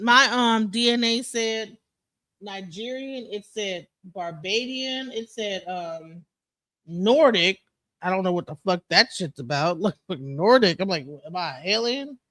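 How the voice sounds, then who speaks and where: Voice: mid-range voice, bright, forceful tone, no room sound. A livestream host with a Detroit accent, ranting casually and bluntly, heated and profane, with frequent restarts.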